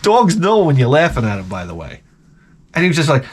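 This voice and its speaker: A man's voice: a little high, huge pitch swings, a little fast, breathy edge. A man hosting a casual monologue, telling stories in a profane, self-mocking way. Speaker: host.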